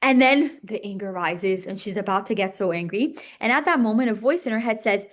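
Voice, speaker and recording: A woman teaching a religious text class in a lively, chatty way, often checking in with "okay?" and "right?" and acting out inner voices. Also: mid-range voice. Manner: talks fast and restarts, acts out inner voices. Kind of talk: classroom lesson.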